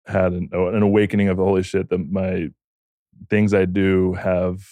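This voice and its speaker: Deep, dry-sounding male podcast host. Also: little pitch movement, measured pace, dark tone, no room sound. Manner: brief, agreeable interjections. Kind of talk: casual interview.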